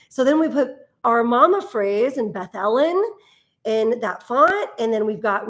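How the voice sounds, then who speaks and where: A woman hosting a casual live stream, explaining design ideas in a chatty way with frequent laughs. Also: a little high. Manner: chatty, laughs easily, restarts when explaining. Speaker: host.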